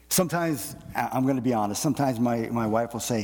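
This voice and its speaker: A middle-aged pastor speaks in a husky voice, telling homey stories from his pulpit in an easy, self-deprecating way. His words ring out with a long echo through a large church hall. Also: medium pitch, fast, few pauses, a little mellow. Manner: folksy, self-deprecating, repeats words as he goes. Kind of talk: conversational sermon. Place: church sanctuary.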